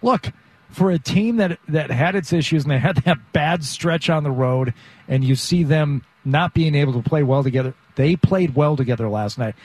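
A man co-hosting sports talk radio, animated and emphatic, with sarcastic rhetorical questions. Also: fairly high pitch, normal speed, no room sound.

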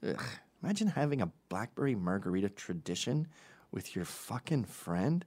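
Brief: middle-aged male comic, profane and sardonic, pitch swings all over. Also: very animated, normal speed, warm tone. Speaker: comedian. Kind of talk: comedic monologue.

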